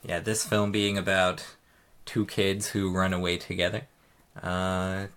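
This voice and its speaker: A man's voice: sits low, level tone, measured pace, fairly bright tone, clean tone. A man hosting a podcast, summarizing film plots in a plain, casual way with dry asides. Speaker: podcast host.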